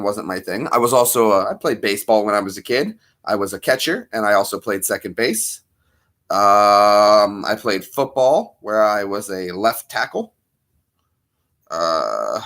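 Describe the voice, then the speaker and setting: Casual vlogger, middle-aged American man, lively pitch, rambling and jokey. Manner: jokey, slips into silly mock accents.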